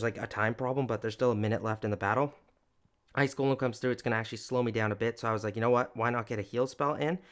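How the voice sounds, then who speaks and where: Upbeat man narrating gameplay. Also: mid-range voice. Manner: explanatory, talks directly to viewers; upbeat and enthusiastic. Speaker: gaming video creator. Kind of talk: gameplay commentary.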